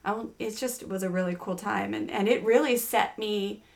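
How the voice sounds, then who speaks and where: A woman's voice: mid-range voice, steady tone, normal speed, gravelly, a little mellow. A middle-aged woman hosting a parenting podcast, telling a family story in a chatty way with many fillers and restarts. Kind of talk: casual podcast chat.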